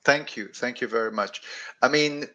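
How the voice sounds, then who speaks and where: A man giving a presentation over a video call, speaking in a steady, methodical way. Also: mid-range voice, moderate pace, dull audio. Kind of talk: live online presentation.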